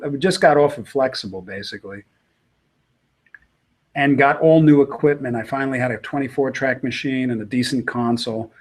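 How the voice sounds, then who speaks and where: Middle-aged male guitarist, relaxed interview answers, rambling with restarts, mid-range voice. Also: medium pitch. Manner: rambling, many "you know" fillers and restarts. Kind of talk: casual interview talk.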